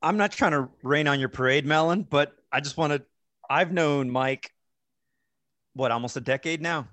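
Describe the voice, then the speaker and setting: A man co-hosting a podcast, teasing the others in a dry, deadpan manner. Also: a little high, normal speed, no echo. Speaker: podcast co-host. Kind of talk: casual chat.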